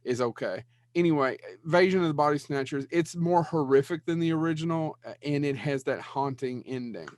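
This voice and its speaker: A man's voice: fairly high pitch, brisk, hardly any pauses, a little mellow, dry recording. A man co-hosting a podcast, chatting casually about films, rambling, swearing and blanking on names. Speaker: podcast co-host. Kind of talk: casual movie chat.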